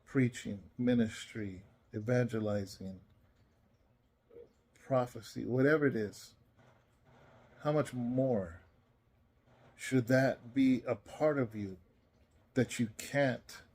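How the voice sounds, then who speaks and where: Slow and pausing often, a pastor shares a casual devotional message he recorded himself, earnest, rambling and conversational. His voice is medium in pitch and a little mellow, and he's clearly tired, yawning as he goes.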